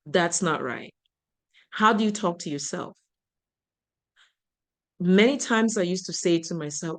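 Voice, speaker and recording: A woman giving a motivational talk, talking conversationally, asking the audience questions and laughing easily as she tells stories. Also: lowish voice. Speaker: speaker.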